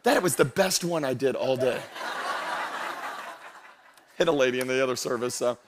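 A young adult man, a pastor, preaching a sermon to his church, building to loud emphatic passages and joking with the congregation. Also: mid-range voice, normal speed, background noise. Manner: jokes with the congregation. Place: church stage before a congregation.

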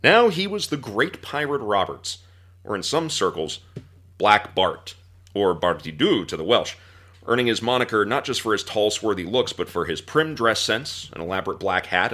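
A man hosting a podcast, telling a history story in an animated storytelling way. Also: lowish voice, moderate pace. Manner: animated storyteller, breaks into laughter and mock voices.

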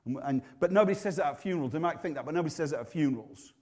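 A man's voice: a little high, animated, very fast, a little mellow. A man with a Yorkshire accent preaching a sermon in a conversational, humorous way, often restarting his sentences.

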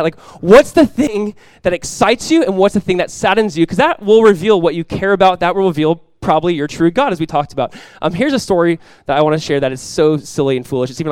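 A man's voice: a little high, darkish tone, no room sound. A young man preaching a sermon as pastor, conversational and self-deprecating, rising to emphatic peaks. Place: church.

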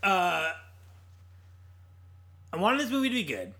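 A man's voice: high voice, huge pitch swings, unhurried, pushed and bright. A man hosting a film podcast in casual chat, opinionated and steering the talk with questions. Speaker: podcast host.

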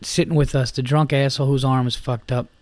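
A man's voice: mid-range voice, little pitch movement, brisk, a little mellow, dry recording. A man hosting a podcast and telling a bar story in a casual, rambling way, swearing often. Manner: profane, rambling, lots of fillers and restarts. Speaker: podcast host.

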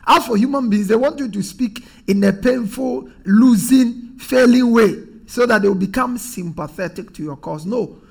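Male pastor, high gravelly voice, emphatic repetitive preaching style. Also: moderate pace, few pauses, a little mellow. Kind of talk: sermon.

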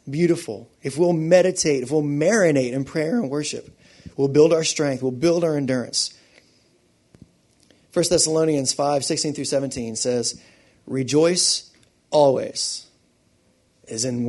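Fervent male pastor with a slightly raised pitch, preaching with swings from quiet intimacy to loud fervor. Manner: impassioned, building from hushed to loud. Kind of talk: sermon.

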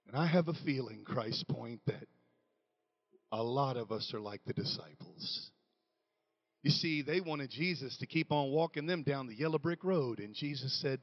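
A man preaching a comedic sermon, telling stories with animated quoted voices and building to shouts. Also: mid-range voice, normal speed, no room sound, muffled recording.

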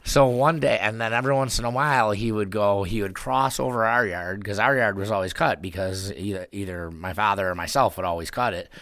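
Gravelly man with a bright voice. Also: on the low side, fairly quick, hardly any pauses, no echo. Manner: laughs often, acts out voices in his stories. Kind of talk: casual chat, storytelling.

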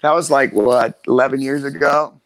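A man's voice: mid-range voice, moderate pace, fairly bright tone, dry recording. A man in his fifties, a guest in a casual chat, telling long profane stories in a rambling way.

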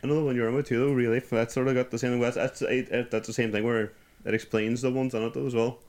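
A man's voice: mid-range voice, little pitch movement, fast, darkish tone. A man in a casual podcast chat, adding offhand, joking asides.

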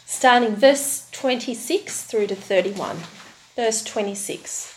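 A woman preacher reading scripture aloud and giving a sermon, talking slowly with rhetorical tag questions. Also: a little high, reverberant, low-quality recording. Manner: slow, warm conversational preaching with tag questions.

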